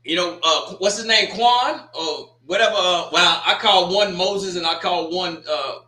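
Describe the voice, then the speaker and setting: A man's voice: high voice, a little slow, pushed and bright, roomy sound. A man hosting a sports talk show, rambling through a casual opinion monologue with folksy asides.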